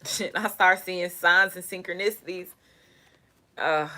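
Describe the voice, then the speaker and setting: A woman doing a casual tarot reading, talking in an animated, profane way. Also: fairly low pitch, measured pace. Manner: animated, profane, laughing asides. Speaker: tarot reader.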